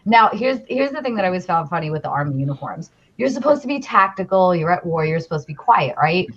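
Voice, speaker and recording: A woman's voice: fairly low pitch, very animated, fast. A woman from Queens with a New York accent, chatting casually and swearing freely. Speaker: guest. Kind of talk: casual chat. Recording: dull lo-fi audio with noise.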